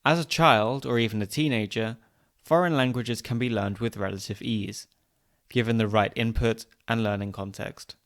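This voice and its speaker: Man hosting with measured narration. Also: on the low side, fairly even intonation. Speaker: podcast host. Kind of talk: scripted podcast narration.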